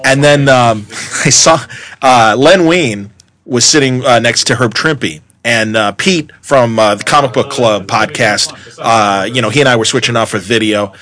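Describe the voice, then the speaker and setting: A man hosting a casual podcast, telling animated anecdotes and acting out what people said. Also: mid-range voice, unhurried. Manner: animated storyteller, acts out quotes. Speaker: podcast host.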